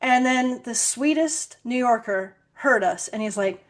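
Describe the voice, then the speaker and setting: Woman host, a touch high-pitched, lively storyteller who acts out every quote. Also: measured pace. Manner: animated storyteller, acts out quotes, laughs often. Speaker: podcast host. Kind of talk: casual podcast chat.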